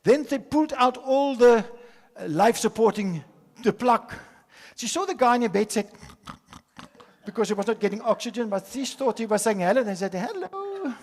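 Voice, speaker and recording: An older man from South Africa giving a dramatic conference talk, swinging from loud storytelling to hushed asides. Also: very high-pitched, moderate pace. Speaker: conference speaker. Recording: hall reverb.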